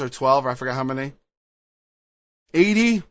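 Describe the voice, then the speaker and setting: A man's voice: medium pitch, expressive, moderate pace, dry recording. A man preaching a sermon, emphatic and digressive, reading scripture and explaining it. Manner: acts out quoted voices, emphatic, digressive. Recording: dull, lo-fi dry recording.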